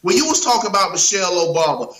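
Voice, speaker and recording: A man co-hosting a casual political talk show, speaking emphatically and circling back over his words. His voice sits high and rings bright. The room around him is echoey. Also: very animated, racing. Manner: emphatic, repeats himself while hunting for words. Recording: roomy echo.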